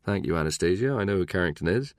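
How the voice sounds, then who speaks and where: A man's voice: deep voice, animated, quick pace, no room sound, studio quality. A man voicing a smug, patronising middle-aged official in an audiobook. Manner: patronising, smooth.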